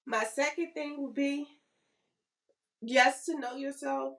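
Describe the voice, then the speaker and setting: A middle-aged woman co-hosting a casual podcast chat, animated and repeating phrases for emphasis. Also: high voice, takes it slowly, low-quality recording. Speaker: podcast co-host.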